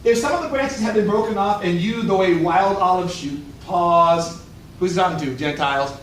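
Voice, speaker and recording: A man preaching a sermon at a luncheon, with animated, rhetorical call-and-response delivery. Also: high voice, a little fast, a little hiss or hum. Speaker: pastor. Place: event hall. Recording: echoey room, voice from far off.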